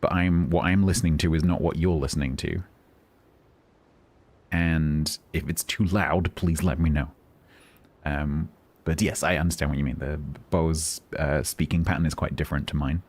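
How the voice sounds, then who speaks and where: A man streaming a game and chatting to viewers in a steady, even, dry tone. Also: very deep voice, normal speed. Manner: steady, even-toned, dry self-deprecating. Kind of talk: casual live-stream chat.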